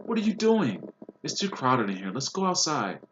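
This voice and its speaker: A man's voice: mid-range voice, huge pitch swings, moderate pace, fairly bright tone, lo-fi sound, slight background noise, voice pushed up. A middle-aged wizard father sounds harried and flustered in a crowded shop, put on by a man reading the book. The voice climbs well above the reader's own.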